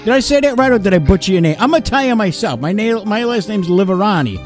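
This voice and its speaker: A man's voice: sits high, lively intonation, fast, faint music behind. A man hosting a casual podcast chat, laughing often and swearing freely. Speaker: podcast host.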